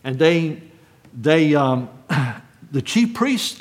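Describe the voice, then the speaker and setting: A man preaching a sermon, rising to loud, fervent repetition and then dropping to quiet, measured reading of scripture. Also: medium pitch, expressive. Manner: builds to shouted quotes, then drops to hushed reading.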